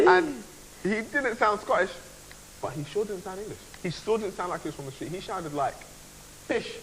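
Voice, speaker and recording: A young man chatting playfully through a video diary, showing places and dropping to hushed asides. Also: high-pitched, big pitch swings, brisk, slight background noise, poor audio. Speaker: reality show contestant.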